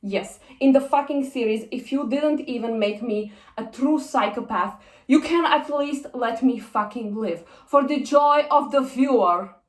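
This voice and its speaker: A defiant female assassin, as a woman puts her on, speaks with a put-on Russian accent, indignant and unrepentant, swearing as she justifies herself. The voice sits a bit high and rings in a roomy, echoey space through a cheap microphone. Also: a little slow, distant mic, natural voice. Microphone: poor-quality mic. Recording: echoey room, poor mic.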